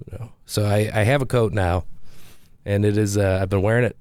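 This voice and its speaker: A man's voice: lowish voice, fairly even intonation, brisk, a little mellow, clean tone, dry recording, clean studio sound. A man, a comedian, telling a rambling, self-deprecating story in a casual monologue with frequent restarts.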